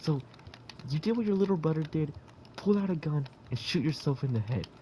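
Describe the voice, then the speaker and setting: Young guy gamer, very lively pitch, rambling crude storyteller who chuckles and restarts. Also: fairly quick, slight background noise. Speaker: gamer telling a story in voice chat. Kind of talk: casual game chat.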